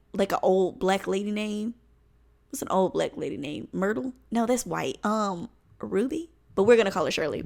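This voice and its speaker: A woman in her twenties spins a storytime for her vlog in a lively, comic way, swearing freely. Her voice sits at a middle pitch, and her delivery is animated and expressive. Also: vocal fry. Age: 20s. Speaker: vlogger.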